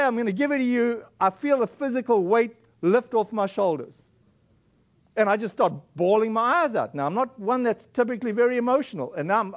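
A man from South Africa preaching a sermon, telling a personal testimony in an earnest, storytelling way with many restarts. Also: high-pitched. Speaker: pastor.

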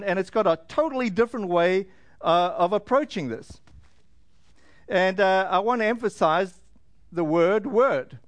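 High-voiced joking male preacher. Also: no room sound. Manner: conversational and joking, with frequent fillers and slowed emphasis. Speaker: pastor. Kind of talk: sermon.

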